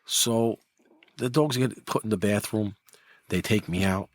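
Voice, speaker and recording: Husky New man telling a story. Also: a little slow, dry recording. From New York. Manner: animated, acts out quotes with rising pitch. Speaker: guest, former mob enforcer. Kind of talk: casual storytelling.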